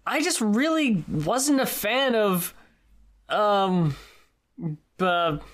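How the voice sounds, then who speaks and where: A podcast co-host with a mid-pitched voice, telling stories in casual chat. The delivery is animated and profane, with quotes acted out along the way. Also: very slow.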